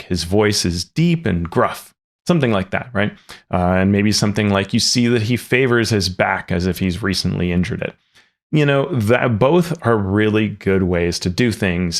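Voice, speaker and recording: Male advice host, deep voice with some vocal fry, chatty and explanatory. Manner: conversational, often adds "right?". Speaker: tabletop game advice host. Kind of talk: casual instructional talk.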